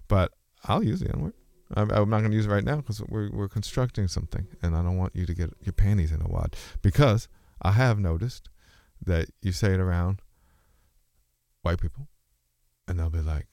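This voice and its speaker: At a moderate pace, a very low-voiced man thinks aloud in a loose philosophical monologue, musing, rambling and cutting himself off. He stops and restarts sentences and sometimes shifts registers. It's recorded close and dry, with no room sound or echo.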